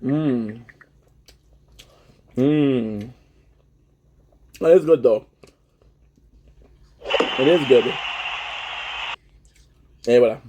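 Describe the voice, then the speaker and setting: Slow-talking Québécois man eating on stream. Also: medium pitch, warm tone. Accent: Québécois French. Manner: mixes French and English, chatting to viewers between bites. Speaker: livestreamer. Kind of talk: casual livestream chat while eating.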